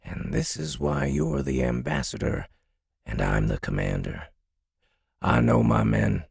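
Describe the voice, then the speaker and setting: A man voicing a stubborn middle-aged military commander, with a deep, gravelly voice and a clipped, firm way of talking. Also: huge pitch swings, unhurried, a little mellow, no room sound, clean studio sound, heavily acted. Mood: stern.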